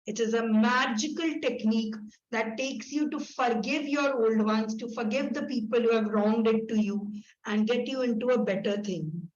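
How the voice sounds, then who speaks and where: A workshop instructor, a woman, teaching in a brisk, instructive way and ticking through lists of points. Her voice sits high. The sound is echoey and a bit dull and lo-fi. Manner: brisk, instructive, repeats key words in lists.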